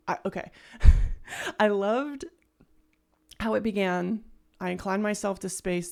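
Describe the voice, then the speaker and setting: A woman hosting a casual first-listen music reaction, gushing and soft-spoken, often stopping and restarting her sentences. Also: on the low side, vocal fry.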